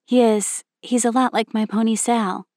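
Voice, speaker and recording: A woman voicing an excited young ranch girl in a storybook reading, speaking eagerly in a raised voice. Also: normal speed, no room sound, studio quality, close to an everyday voice. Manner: eager, high and bright.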